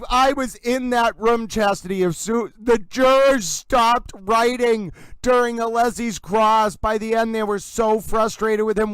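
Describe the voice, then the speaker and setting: High, smooth-voiced man hosting a livestream. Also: no room sound, low-quality recording. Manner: excitable, rambling, chatty with laughs. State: wired on caffeine. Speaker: livestream host. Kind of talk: casual livestream chat.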